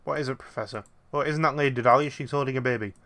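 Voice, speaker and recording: A man's voice: medium pitch, fast talker, a bit bright, lightly acted. A man reading the lines of an eager, curious young boy apprentice in a puzzle game. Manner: earnest, curious questions.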